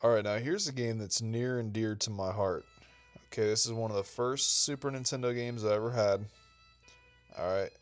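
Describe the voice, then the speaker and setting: A man hosting a retro gaming channel, giving casual, rambling gameplay commentary and saying "dude" and "okay" a lot. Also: mid-range voice. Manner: laid-back, rambling, says "dude" and "okay" often.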